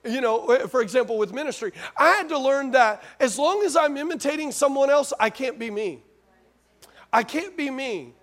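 A man's voice: extremely high pitch, animated, normal speed, a bit bright. A man preaching a sermon in a conversational way, repeating phrases and asking the congregation questions. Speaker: pastor.

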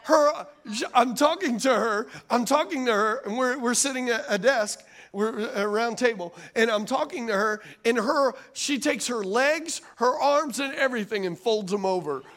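A middle-aged man preaching a sermon as pastor, animated and conversational, with asides to the congregation. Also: very high voice, normal speed, few pauses.

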